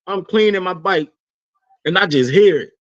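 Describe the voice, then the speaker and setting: A man's voice: high-pitched, moderate pace. A man co-hosting a podcast in casual chat, telling stories with lots of swearing and laughter. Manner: animated storytelling, swearing, laughing often. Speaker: podcast co-host. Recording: dull lo-fi sound.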